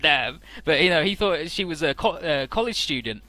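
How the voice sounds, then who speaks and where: A man's voice: expressive, fairly quick, pushed and bright, no room sound, soft background music. A young man in casual game commentary, swearing freely and reading out character lines in playful voices. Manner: swearing, laid-back, jumps into squeaky voices for characters. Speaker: let's play commentator.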